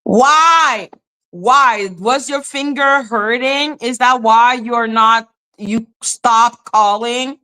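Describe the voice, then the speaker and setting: A woman's voice: fairly high pitch, extremely slow, pushed and bright. A woman hosting a livestream, ranting in a blunt, profane and taunting way. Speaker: livestream host. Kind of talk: confrontational live-stream rant.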